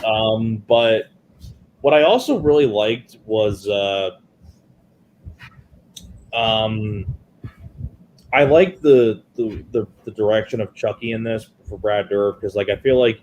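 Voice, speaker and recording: Halting man in casual movie chat. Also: on the low side, a little mellow, muffled recording. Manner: halting, repeats words, swears casually. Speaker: podcast co-host.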